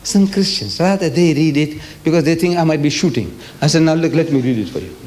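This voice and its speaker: An older man from South Africa speaks at a public religious lecture. His voice sits fairly high, and he moves with animated, rhetorical energy, often turning to the audience with questions. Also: fairly quick. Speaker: Islamic lecturer.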